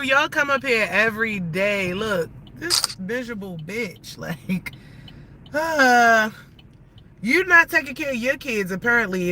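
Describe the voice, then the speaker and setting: A woman's voice: mid-range voice, pushed and bright, poor audio. Woman ranting hard from her car. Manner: profane, heated, repetitive ranting at viewers. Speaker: livestreamer. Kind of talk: angry live-stream rant. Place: inside a car while driving. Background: faint car noise.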